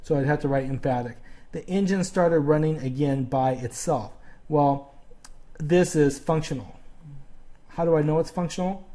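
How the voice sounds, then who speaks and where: A man's voice: on the high side, normal speed, dark tone. A man teaching a grammar lesson on video, explaining patiently step by step and often checking in with "okay?".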